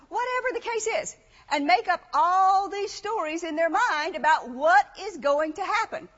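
High-pitched woman preacher, chatty animated sermon, long hall reverb. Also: normal speed, muffled recording. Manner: conversational, rhetorical questions, animated. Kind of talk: sermon with scripture reading.

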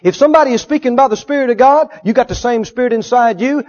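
A man preaching a sermon, animated, acting out little dialogues and swinging from loud to hushed. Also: extremely high pitch, fast. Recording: dull lo-fi sermon recording.

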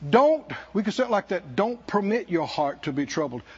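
A man preaching a sermon as pastor, calling for responses from the congregation and rising to shouts. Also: sits high, big pitch swings, moderate pace, husky. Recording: dull lo-fi sermon recording.

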